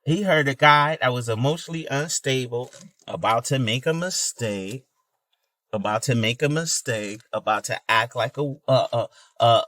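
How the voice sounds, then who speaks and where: A man's voice: medium pitch, fairly bright tone, dry recording. A man telling a personal story in an emphatic, casual way, repeating words and using fillers like "you know.". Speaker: video creator.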